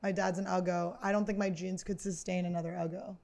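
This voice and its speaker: A woman's voice: fairly low pitch, level tone, fairly quick, darkish tone. Woman, podcast host, blunt, self-deprecating, swears a lot, casual studio chat.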